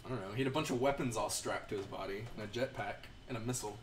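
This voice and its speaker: A man's voice: on the low side, very fast. A man co-hosting a live stream, arguing his points in joking, casual banter. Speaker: livestream co-host. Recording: distant mic with faint room noise.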